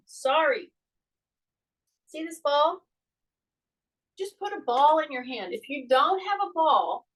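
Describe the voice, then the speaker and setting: A woman fitness instructor leading a live-streamed workout in a small indoor space, talking viewers through each move in a measured, chatty way. She has a frog in her throat and keeps clearing it. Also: high voice, expressive, recorded from a distance, poor audio.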